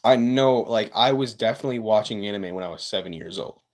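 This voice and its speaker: A man's voice: fairly low pitch, quick pace. A man, chatting casually with livestream viewers, rambling with stammers and sarcastic asides.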